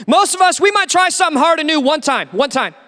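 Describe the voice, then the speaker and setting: A man who is a pastor, preaching a sermon in a church and acting out quoted voices with animated energy. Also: very high voice, fast talker, big-room sound. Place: church sanctuary.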